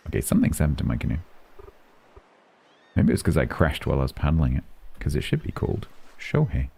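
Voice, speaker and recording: Low gravelly man streaming a game. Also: wildly swooping pitch, moderate pace, long pauses, warm tone. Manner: chatty, self-mumbling, playful asides. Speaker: streamer playing a role-play game. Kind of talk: casual game commentary.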